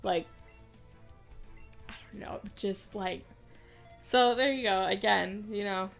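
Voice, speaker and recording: A woman's voice: medium pitch, slow pace, creaky, a bit bright. A woman co-hosting a casual podcast while gaming, rambling through stories and giggling often. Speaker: podcast co-host. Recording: faint music behind.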